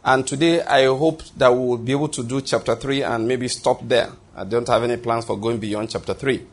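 Husky man preaching. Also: medium pitch, steady tone, fairly quick. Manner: repetitive, emphatic, with frequent restarts and rhetorical questions. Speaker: pastor. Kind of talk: sermon.

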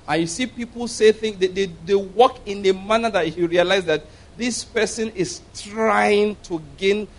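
High-voiced emphatic male preacher. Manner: emphatic, repeats and asks the audience to follow. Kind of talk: sermon.

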